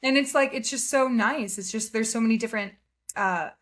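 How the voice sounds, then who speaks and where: An American woman joins a podcast as a guest for a casual interview, bubbly and giggly and full of fillers. Her voice is on the high side and fairly bright, and she talks fairly quickly.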